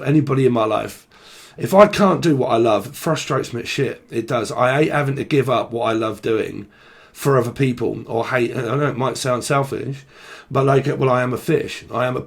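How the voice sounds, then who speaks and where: Slangy, gravelly London-accented man. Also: mid-range voice, normal speed. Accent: English, London area. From Britain. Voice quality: swears a lot, slangy and rambling. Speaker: tarot reader. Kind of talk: casual tarot channelling monologue.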